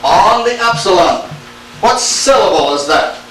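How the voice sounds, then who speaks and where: A man teaching a Greek class, lecturing slowly and quizzing his students as he goes. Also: high voice, expressive, a bit bright. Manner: slow, deliberate, asks the class questions. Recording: echoey room, speaker far from mic, faint hiss.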